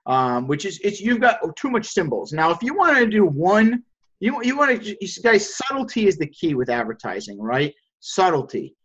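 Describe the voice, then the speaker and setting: A man's voice: high-pitched, very animated, moderate pace, fairly bright tone, breathy edge. A man leading a sales coaching call with his group. He stumbles over and repeats words and keeps checking in with "right?". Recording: dull lo-fi audio.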